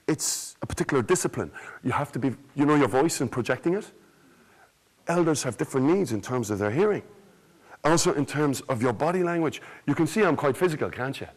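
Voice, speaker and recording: Speaking to a live conference audience, this Irish man tells stories with theatrical flair, cracking jokes and putting questions to listeners. He has a husky, medium-pitched voice, captured in a low-quality recording.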